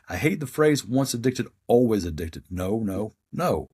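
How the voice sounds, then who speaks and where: Man, low husky voice, forceful blunt talker who performs the quotes in his stories. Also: very animated, moderate pace. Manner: emphatic, blunt convictions, acts out quoted voices. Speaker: guest working in a psychiatric hospital. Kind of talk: conversational storytelling.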